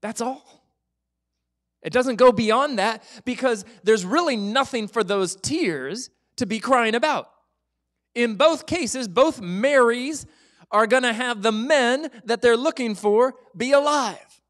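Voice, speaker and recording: Male pastor, sermon, chatty and playful, sinks to hushed whispers on key points. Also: very high-pitched, slow. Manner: drops to a soft whisper for emphasis; lively, conversational, sometimes joking.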